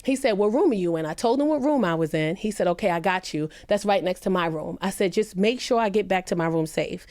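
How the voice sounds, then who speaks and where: A woman comedian on a podcast, telling a personal story earnestly and emphatically, her pitch rising when she quotes people. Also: animated, brisk, few pauses, a little mellow. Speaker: comedian guest.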